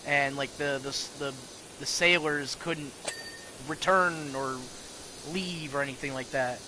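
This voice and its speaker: A man's voice: on the high side, steady tone, slow pace, background noise. A man rambling casually and profanely about horror shows while playing a video game. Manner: rambling, profane, full of restarts. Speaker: gaming video host.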